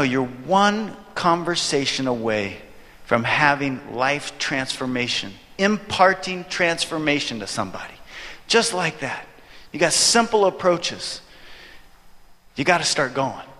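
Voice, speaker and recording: A man preaching a sermon, telling a story with animated delivery and acting out his own reactions. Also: medium pitch. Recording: long hall reverb.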